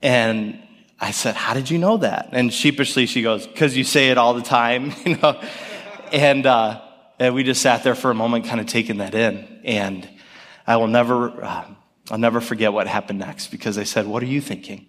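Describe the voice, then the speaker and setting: A man in his thirties preaching a sermon as pastor, earnest and storytelling, with gentle pauses. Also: mid-range voice. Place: church sanctuary. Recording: long church hall reverb.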